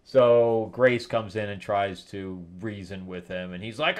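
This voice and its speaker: A man's voice: on the low side, a little slow, few pauses. Man casually recapping comics. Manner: rambling retelling with laughs and asides. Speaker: comic review host.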